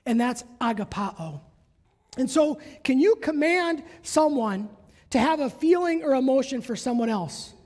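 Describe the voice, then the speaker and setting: A woman's voice: high voice, lively intonation, a little slow, a little mellow. A woman pastor preaching a sermon in a church, often asking her congregation questions. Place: church sanctuary. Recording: long church reverb.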